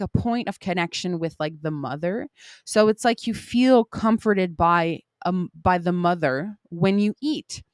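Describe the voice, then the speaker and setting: A woman's voice: on the low side, dry recording, clean studio sound. A young woman hosting her own podcast, talking candidly and emphatically in a casual monologue, full of "like" and swearing. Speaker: podcast host.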